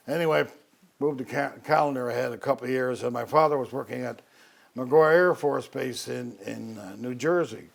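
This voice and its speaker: Gravelly older storyteller from Newfoundland. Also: male voice, medium pitch. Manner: unhurried, wry, with many "uh" pauses. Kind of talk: personal Christmas storytelling.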